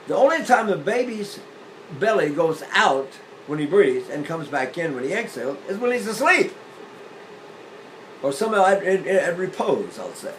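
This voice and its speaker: Older man teaching voice, lively and demonstrative. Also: on the high side, slight background noise, low-quality recording. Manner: animated, illustrating points with sung demonstrations; repeats and restarts phrases while explaining. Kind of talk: demonstrative vocal lesson.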